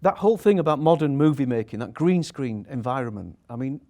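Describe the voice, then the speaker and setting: Brief: male interviewer, mid-pitched, easygoing and chatty. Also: lively intonation, a little fast, dark tone. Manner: chatty, agreeable, frequent "yeah" backchannels. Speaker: interviewer, host. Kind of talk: casual interview chat.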